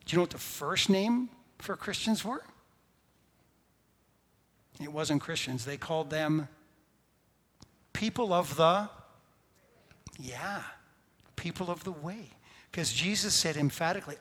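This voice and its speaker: A man pastor preaching a sermon, swinging from hushed, whispered lines to loud, emphatic ones. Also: on the high side, lively intonation, a little slow, long pauses, husky. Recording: reverberant hall.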